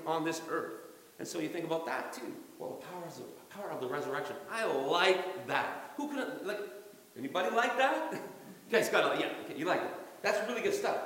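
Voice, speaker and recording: A man preaching a sermon as pastor in a church, animated, acting out quotes and chuckling often. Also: on the high side. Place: church sanctuary during a service. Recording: very echoey hall reverb.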